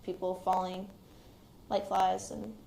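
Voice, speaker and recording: A young woman, an active military member, recounts surviving a shooting in a hesitant, reflective, quiet-spoken way. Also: mid-range voice, flat delivery, slow pace, gravelly. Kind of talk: recounting a personal experience in an interview. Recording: roomy recording with faint background noise.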